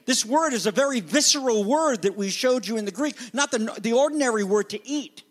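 A man with a notably high voice preaches from the pulpit. His delivery is emphatic and dramatic, and he teaches the text closely. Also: lively intonation, fairly quick. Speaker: pastor. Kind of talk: expository sermon.

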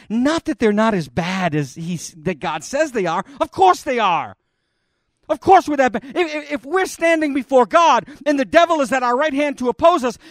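Preacher, male, high and very lively delivery, dramatic retelling, dry recording. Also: no room sound. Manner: dramatic, voices God and Moses in the retelling. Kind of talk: sermon.

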